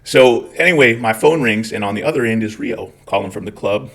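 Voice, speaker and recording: A man's voice: lowish voice, a little fast, vocal fry, a bit bright. A middle-aged man with a Scottish accent, telling a long profane story with wry asides as a channel host. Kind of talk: storytelling monologue.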